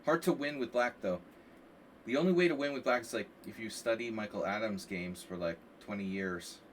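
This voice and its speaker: A man casually commenting on chess games during a live stream, rambling and animated with lots of filler words. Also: lowish voice, fairly quick. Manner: rambling and animated, frequent "like" and "you know". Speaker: chess coach streaming a lesson. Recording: distant mic with faint background hiss.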